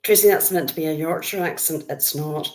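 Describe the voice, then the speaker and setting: A grandmother with an Irish accent and a low voice talks straight to her live-stream viewers. She is feisty and blunt and calls out chatters by name. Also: a little fast, a little mellow. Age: older. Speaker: livestream host. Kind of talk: casual live-stream chat.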